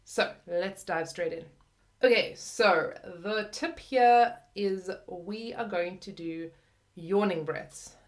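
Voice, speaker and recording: A young adult woman gives a flute lesson in a friendly, chatty voice. She talks loosely, with "like" and "kind of" scattered through her explanations. Her pitch sits in the middle range. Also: slow. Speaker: flute teacher. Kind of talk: video lesson.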